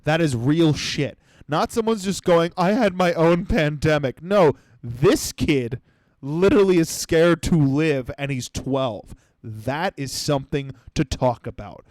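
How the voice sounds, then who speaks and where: A young man on his comedy podcast goes off in a sarcastic, profanity-laced rant, mocking people with quick impressions. His voice sits a little high for a man. The sound is dry and close to the mic, with no room around it. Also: animated, darkish tone, no room sound.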